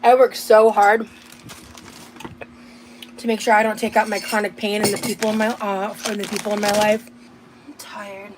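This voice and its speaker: Woman, vlogger, candid, weary, halting, higher voice, faint noise. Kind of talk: casual vlog talk to chat.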